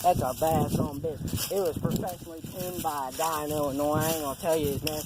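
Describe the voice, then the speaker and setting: A man's voice: a little high, level tone, quick pace. Profane young man rambling. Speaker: cameraman. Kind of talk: casual rambling storytelling. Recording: noisy outdoor camera audio.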